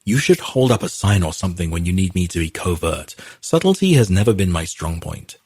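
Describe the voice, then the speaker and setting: A playful young woman with a teasing, blunt humor, as a male audiobook narrator reads her, in a deep, slightly husky voice. Her lines come across dry and close, with no room sound. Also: big pitch swings, a little fast, darkish tone, no room sound, exaggerated voice. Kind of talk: audiobook character reading.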